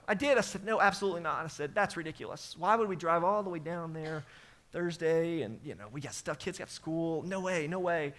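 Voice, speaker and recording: A man's voice: sits high, lively intonation, quick pace, fairly bright tone. A man in his thirties preaching a sermon, telling stories animatedly with emphatic repetitions. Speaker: pastor.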